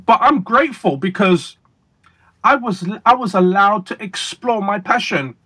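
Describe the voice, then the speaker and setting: A man being interviewed as a guest magician, telling stories in a deliberate, emphatic way with pauses for effect. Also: sits high, lively intonation, sharp tone. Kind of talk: casual interview storytelling.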